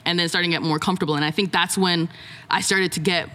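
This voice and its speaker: A woman's voice: on the low side, fast talker. A young woman from Jamaica, a podcast guest, telling a story casually and acting out what others said. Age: young adult. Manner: animated, acts out quotes of others.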